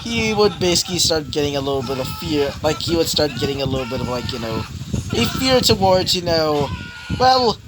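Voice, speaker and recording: A man narrates a fan story casually, rambling along with constant fillers and restarts. His voice sits a little high. His pitch swings widely. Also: big pitch swings, brisk, heavy background noise.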